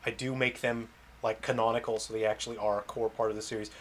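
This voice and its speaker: A game developer speaks fast in a lowish, fairly flat voice while playing on his launch livestream, casually answering viewer questions. Faint game music and slight background noise can be heard.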